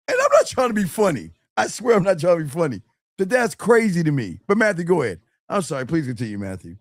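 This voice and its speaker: A brash male host with a fairly high voice talks in blunt, profane bursts and mocks his listener. The sound is close and dry. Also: wildly swooping pitch, fast talker, dry recording. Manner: brash, profane, mocking, emphatic. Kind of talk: crude advice talk.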